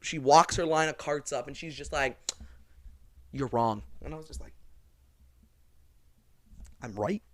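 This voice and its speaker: A man's voice: on the high side, fast talker, few pauses, no echo. A young man co-hosting a podcast, chatting casually and acting out quoted lines with gusto. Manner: animated storyteller, acts out quotes loudly. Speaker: podcast co-host. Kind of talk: casual chat.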